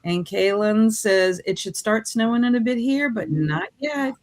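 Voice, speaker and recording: Her voice is on the high side with a darkish tone, and she speaks a little slowly. She's a Louisiana woman running a relaxed livestream from her home office, reading out chat messages and laughing frequently.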